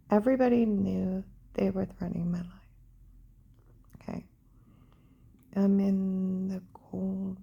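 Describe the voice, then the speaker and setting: A middle-aged woman recounting events in a halting personal account, often dropping to a whisper and restarting her sentences. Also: medium pitch, gravelly, mellow, breathy edge, muffled recording.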